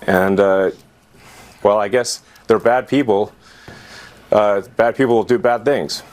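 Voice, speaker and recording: A man answering in a TV interview, halting with many hesitations. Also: fairly low pitch, steady tone, darkish tone.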